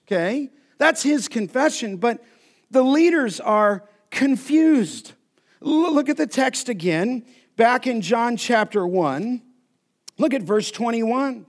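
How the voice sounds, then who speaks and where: A male pastor preaching an expository sermon, slowing down to stress each scripture phrase. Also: extremely high pitch. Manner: emphatic, slows down to stress scripture. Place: church sanctuary.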